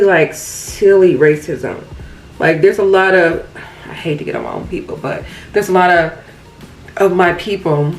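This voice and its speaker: A woman's voice: lowish voice, low-quality recording. Chatty young woman telling a makeup-chair story. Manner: chatty, animated storytelling with laughs and asides. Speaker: makeup vlogger. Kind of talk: casual get-ready-with-me storytime.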